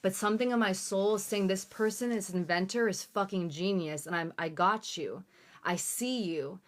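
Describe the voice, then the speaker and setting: A young woman hosts a live unboxing stream, speaking at normal speed in a mid-range voice. She chats casually, gushes, and swears freely.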